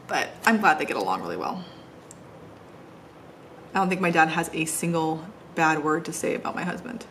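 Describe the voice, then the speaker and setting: A middle-aged planner vlogger decorates a planner at home, sitting on the floor and chatting in a casual, rambling, self-mocking manner. Her low-pitched voice is sing-song and fairly bright, at normal speed with frequent pauses, and a little hiss or hum is audible.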